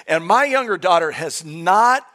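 A man's voice: high-pitched, expressive, a little slow, pushed and bright. A middle-aged man preaching a sermon to a church congregation, chatting and telling stories with frequent fillers. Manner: conversational, folksy storytelling with fillers. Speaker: pastor. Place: church service room.

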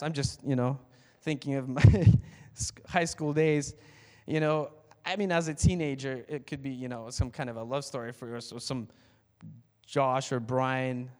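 A pastor preaching a casual, conversational sermon, full of fillers and rising to emphatic calls to the congregation. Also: male voice, medium pitch, fairly even intonation, a little slow, darkish tone, big-room sound.

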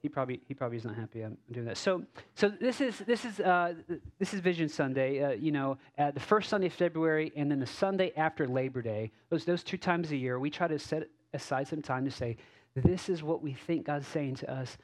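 A man preaching as a pastor in a relaxed, conversational sermon, telling stories with asides and frequent restarts. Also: on the high side, brisk, hardly any pauses. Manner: casual, self-correcting, storytelling with asides. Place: church service.

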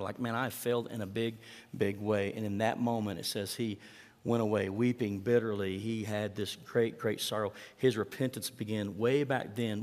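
Preaching man, echoing in a hall. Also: fairly low pitch. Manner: conversational preaching, asks the congregation questions. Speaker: pastor. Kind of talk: sermon. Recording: long hall reverb.

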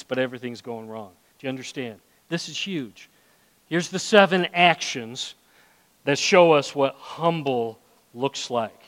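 In a church hall with long reverb, a male pastor preaches a sermon in a high-pitched, pushed, bright voice with a clear, resonant tone. He poses questions to the congregation and acts out inner voices.

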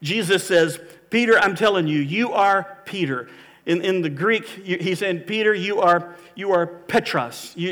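A man's voice: sits high, a bit bright, long reverb tail. A man preaching as a church pastor, speaking earnestly and inviting listeners, with emphatic rises when he stresses scripture. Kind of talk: sermon.

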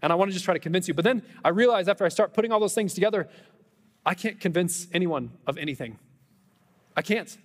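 A man preaching a conversational Easter sermon as pastor, animated, with self-deprecating humor and quick asides. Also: sits high, in a large hall. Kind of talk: Easter sermon with personal stories. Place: church sanctuary.

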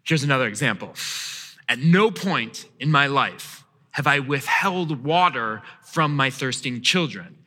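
A male pastor in his thirties preaching a sermon, telling stories from home with playful acted quotes and sudden swings between loud and soft. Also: mid-range voice, animated, measured pace. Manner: storytelling with acted quotes and sudden shifts in loudness. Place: church sanctuary. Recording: long church hall reverb.

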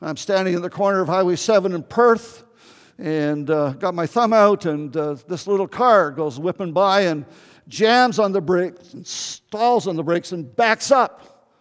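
Earnest high-voiced older pastor preaching. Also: male voice, unhurried, clear, resonant tone. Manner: storytelling, earnest, pleading with the congregation. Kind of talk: sermon. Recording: long hall reverb.

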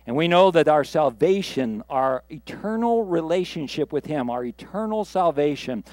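Earnest, higher-voiced male preacher. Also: no echo. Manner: earnest preaching, building to emphatic highs. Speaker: pastor. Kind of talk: sermon.

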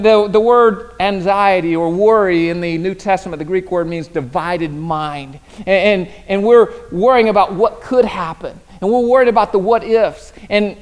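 A man preaching a sermon as pastor, telling a childhood story with repeated words at phrase starts, some lines loud, others hushed. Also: high-pitched.

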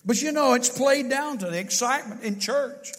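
A man preaching a sermon in a church, impassioned, swinging from loud to hushed. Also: extremely high pitch, normal speed, in a large hall.

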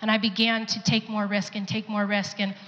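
A woman's voice: medium pitch, level tone, brisk, a bit bright, long reverb tail, dull audio. A woman sharing an earnest testimony in a church service, now and then acting out the voices of people she quotes. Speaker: pastor's wife sharing testimony. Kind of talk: sermon testimony.

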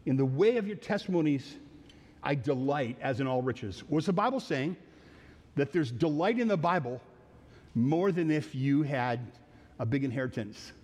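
Teaching through a psalm verse by verse, this earnest pastor frequently repeats phrases and starts sentences over. His medium-pitched voice is expressive and a little mellow, at a moderate pace, with a long reverb tail.

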